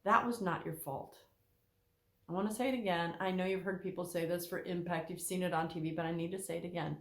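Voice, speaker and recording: A woman therapist speaking straight to her viewers, emphatic and animated, repeating her key points for weight. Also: lowish voice, fast talker, roomy sound. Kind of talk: direct-to-camera talk.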